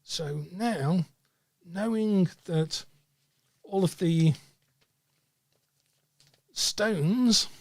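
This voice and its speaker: A man teaching tarot reading, speaking in a measured, explanatory way. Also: high-pitched, no echo. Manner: measured, explanatory, acts out client dialogue. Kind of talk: teaching talk with acted examples.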